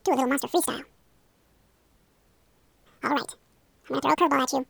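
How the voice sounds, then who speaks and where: A woman's voice: high-pitched, fairly even intonation, quick pace, vocal fry, a bit bright, dry recording. A young woman leading a playful hypnosis role-play, coaxing and encouraging the listener. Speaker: hypnosis guide.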